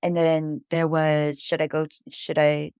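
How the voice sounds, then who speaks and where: Low-voiced woman telling a rambling story. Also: completely flat delivery, unhurried, darkish tone, smooth, no echo, clean studio sound. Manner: rambling, filled with "like" and "you know". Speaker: podcast guest. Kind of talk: casual storytelling interview.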